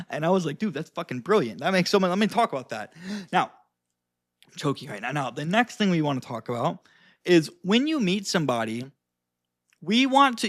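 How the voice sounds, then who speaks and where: High-pitched guy giving blunt social advice, swears a lot, very dry close sound. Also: no echo. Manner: animated, profane, demonstrates tones of voice. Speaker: social skills and dating coach. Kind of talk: casual advice vlog.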